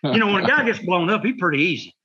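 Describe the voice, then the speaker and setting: A man's voice: sits high, expressive, very fast, lo-fi sound, crowd noise. A man telling rambling stories in casual chat, acting out voices and sound effects. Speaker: wrestling podcast host telling stories.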